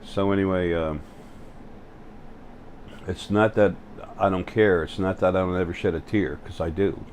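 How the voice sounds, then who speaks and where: A man with a very low voice talks straight to the camera on his own spiritual channel. He keeps stopping on fillers and restarting his sentences, with a faint hum of noise under him. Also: steady tone, a little mellow. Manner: halting, full of fillers and restarts. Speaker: channel host. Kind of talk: spiritual vlog monologue. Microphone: facing the camera.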